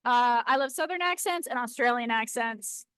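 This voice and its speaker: A woman's voice: fairly high pitch, normal speed, a bit bright, smooth, no echo. A woman with a Boston accent co-hosting a casual live stream, playful and teasing. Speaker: co-host of a live rock-cutting stream.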